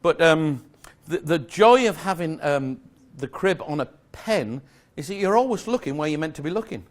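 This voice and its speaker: A man's voice: a little high, lively intonation, moderate pace. A man giving a live magic lecture to an audience, explaining step by step in a chatty, self-correcting way with small jokes.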